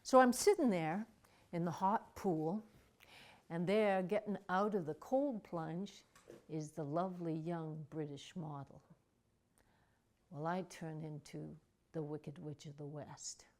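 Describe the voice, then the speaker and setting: An older woman telling a personal story in a wry, dramatic way, soft music behind her. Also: low voice, takes it slowly. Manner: wry, dramatic, with acted asides.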